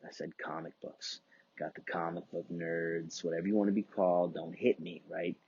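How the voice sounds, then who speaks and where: A man's voice: low-pitched, steady tone, moderate pace, a little mellow, muffled recording, a little hiss or hum. A man hosting his own podcast, rambling casually and profanely and chuckling often between thoughts. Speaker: podcast host.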